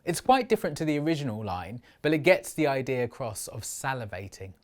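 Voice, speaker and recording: A middle-aged man giving a lively poetry lesson for children, expressive and slowing down to sound out syllables. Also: medium pitch.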